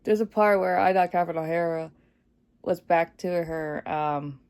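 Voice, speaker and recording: Woman, casual review vlog, gushing, chatty, warm mellow tone. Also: lowish voice, normal speed. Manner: gushing, chatty, many fillers, laughs often. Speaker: movie reviewer.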